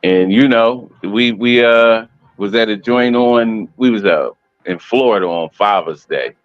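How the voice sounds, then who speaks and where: A man's voice: lowish voice, unhurried, dry recording, faint music behind. A man speaks as a guest in a casual video-call chat, telling his story openly and often restarting mid-sentence. The audio is slightly dull and muffled, and it sounds dry and close. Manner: candid, storytelling, many restarts.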